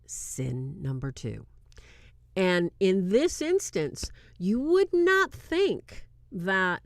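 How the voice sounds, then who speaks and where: A woman hosts a faith-based film review in an animated, casual way, speaking straight to her viewers. Her voice sits low but swings widely in pitch, from loud bursts to hushed asides. The sound is dry and close. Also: dry recording. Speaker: host reviewing a film on demonology.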